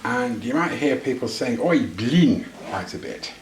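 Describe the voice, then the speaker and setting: A man's voice: mid-range voice, moderate pace, roomy sound, slight background noise. A British man cooking at home and chatting casually to the camera, making self-deprecating jokes as he goes. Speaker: vlogger. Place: home kitchen.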